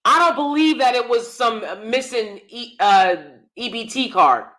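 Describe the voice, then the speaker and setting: A woman hosts a live-stream commentary. She talks bluntly and emphatically, repeating her points. Her voice is bright and forceful, sitting fairly high. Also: a little slow. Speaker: commentary channel host.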